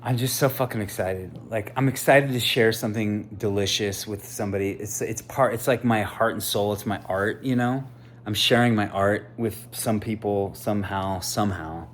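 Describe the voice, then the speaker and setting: A man's voice: lowish voice, normal speed, a little hiss or hum. Foul-mouthed fifty-something man ranting. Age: 50s. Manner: swears constantly, swings between loud ranting and quiet musing. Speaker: contractor and aspiring sandwich maker. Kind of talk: profane personal rant to camera.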